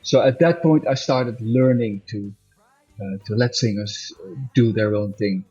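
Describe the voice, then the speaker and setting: Casting: husky-voiced male musician, loose chatty interview, dull lo-fi sound, faint music behind. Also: on the low side, a little slow, dark tone. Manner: rambling, self-correcting, laughs often. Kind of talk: casual interview chat.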